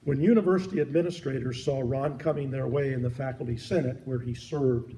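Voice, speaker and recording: A man's voice: medium pitch, fairly even intonation, brisk, warm tone, a little hiss or hum. Wry man speaking at a memorial.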